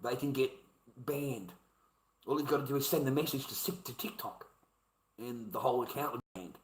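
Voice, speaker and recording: A man's voice: mid-range voice, normal speed, rough recording. A man in a casual monologue, blunt and heavily profane, hammering his points home by repeating them. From Australia. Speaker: vlogger.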